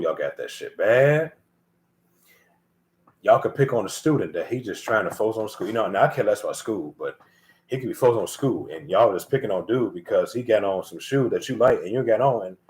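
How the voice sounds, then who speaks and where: A man with a fairly low voice delivers a loose, informal sermon. He scolds his listeners emphatically, repeats his points, and swears freely. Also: a little hiss or hum. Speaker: lay preacher. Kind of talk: casual preaching.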